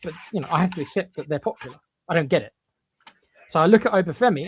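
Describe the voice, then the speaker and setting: Podcast co-host, mid-pitched, blunt and emphatic, dry close sound, restarts often. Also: fast talker, breathy edge, no room sound. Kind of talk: opinionated podcast chat.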